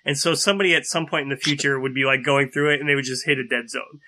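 A man co-hosting a casual podcast chat about a reality show, animated and joking, acting out little quotes. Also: medium pitch, fast talker. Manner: animated, acts out quotes in funny voices. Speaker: podcast co-host.

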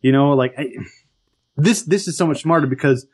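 A man's voice: fairly high pitch, brisk, husky. A man co-hosting a casual podcast chat about a reality show, easygoing and blunt, laughing often. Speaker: podcast co-host.

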